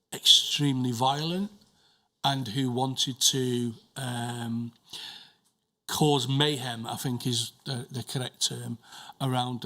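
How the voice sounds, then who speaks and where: A man testifies as a witness in a hearing room, answering slowly and carefully. His voice is bright and forceful. He restarts his sentences often and repeats words while he searches for the right phrasing. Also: mid-range voice. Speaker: witness giving evidence. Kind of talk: answering questions at a formal inquiry.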